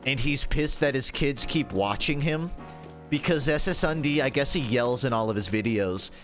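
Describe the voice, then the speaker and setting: A man chatting casually on a livestream while he plays, rambling from one story to the next and swearing freely. His voice sits at an ordinary middle pitch. Faint game music plays underneath. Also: animated, moderate pace, a bit bright. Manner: rambling, profane storytelling with laughs. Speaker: streamer.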